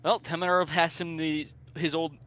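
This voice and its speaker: Bright-voiced man playing a tabletop game. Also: a little high, brisk, lo-fi sound. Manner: relaxed, describing his character's actions. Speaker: player. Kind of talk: casual tabletop game play.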